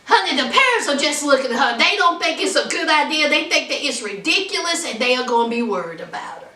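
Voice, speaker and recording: A woman's voice: high-pitched, sing-song, quick pace, sharp tone, reverberant, far from the mic. A woman hosting a casual recap show, gossiping about reality TV in a sassy, dramatic way. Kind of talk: casual commentary.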